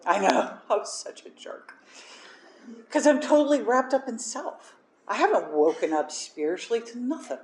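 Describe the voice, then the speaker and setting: A woman's voice: fairly high pitch, sing-song, moderate pace, echoey room. A woman telling a personal recovery story, speaking candidly and mocking herself with frequent laughs. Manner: candid, self-deprecating, laughs often. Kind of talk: personal testimony talk.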